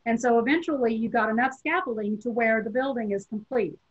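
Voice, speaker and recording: Southern woman, Tennessee-raised, teacher educator lecturing on a webinar; husky, measured delivery, muffled lo-fi call audio. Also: a little high. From Tennessee, USA. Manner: measured, explanatory, addresses teachers directly.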